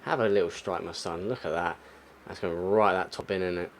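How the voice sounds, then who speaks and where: A man's voice: deep voice, steady tone, a little fast, a little hiss or hum. A young man commentating his football video game play, muttering, then bursting out in frustrated exclamations. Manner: frustrated, exclamatory, swings between muttering and outbursts. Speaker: gaming YouTuber. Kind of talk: live gameplay commentary.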